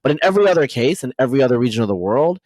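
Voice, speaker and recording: A man hosting a podcast interview, talking in a rapid, animated way with many fillers and restarts. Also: medium pitch, no echo. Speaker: podcast host. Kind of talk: casual conversational interview.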